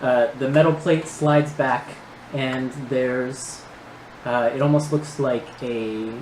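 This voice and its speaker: A man's voice: medium pitch, steady tone, slow, noisy background. Echoey laid-back male game master. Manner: laid-back, hesitant, with many ums and restarts. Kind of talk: narrating a tabletop game.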